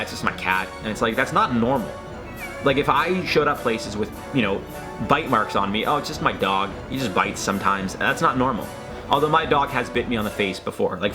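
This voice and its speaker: A man hosting a reaction video, talking in a rambling, hesitant, joking way. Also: lowish voice. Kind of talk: casual commentary.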